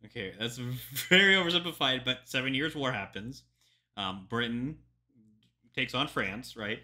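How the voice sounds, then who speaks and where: Young man, historian reacting, very bright voice, chatty, jokey, lots of ums. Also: medium pitch, a little slow. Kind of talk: casual reaction commentary.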